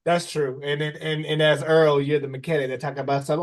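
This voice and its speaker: A man co-hosting a podcast, animated and joking, often laughing as he talks. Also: on the high side, quick pace. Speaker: podcast co-host. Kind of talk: casual podcast chat.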